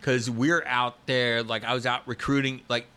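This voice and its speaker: A man in his fifties chats on a podcast, spinning loose stories with constant fillers and restarts. His voice has a bright, forward edge at an ordinary pitch. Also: little pitch movement, normal speed, smooth. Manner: rambling, storytelling with many fillers and restarts. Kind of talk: casual podcast conversation.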